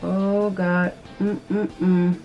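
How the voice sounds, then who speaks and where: A woman with a slightly low voice talks her viewers through a makeup routine in a casual, chatty way. She is jittery and excitable, breaking into gasps and squeals. Soft guitar music plays faintly behind her. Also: drawn-out words, highs cut off. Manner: nervous, excitable, squealing and gasping. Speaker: beauty vlogger. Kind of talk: casual makeup tutorial chat.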